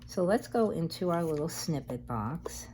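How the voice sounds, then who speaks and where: A woman's voice: low voice, animated, moderate pace, dark tone, slight background noise. A woman chatting casually through a craft tutorial, meandering as she works. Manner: chatty and meandering, talks while working. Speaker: craft vlogger.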